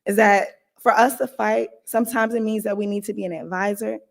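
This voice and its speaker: A woman's voice: mid-range voice, steady tone, brisk, creaky. A woman on a symposium panel, finishing her remarks with a cadenced list. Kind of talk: closing remarks of a speech.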